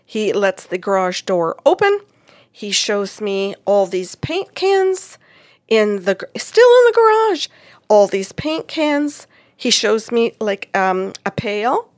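Animated woman telling a story, dry sound. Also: slow, no room sound. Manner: expressive, acts out quoted voices with big pitch jumps. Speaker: psychic medium recounting a client session. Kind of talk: animated storytelling in casual chat.

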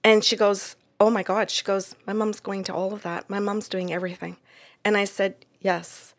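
A woman with a mid-range voice recounts a story from a client session at normal speed, casual and animated, voicing the characters and laughing often.

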